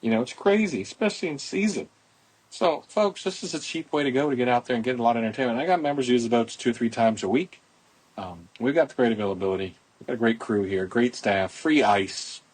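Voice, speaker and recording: A man's voice: mid-range voice, lively intonation, quick pace, darkish tone, husky. A middle-aged man hosting a casual podcast, talking outdoors into a phone in a rambling, folksy promotional way. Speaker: podcast host, boat club owner.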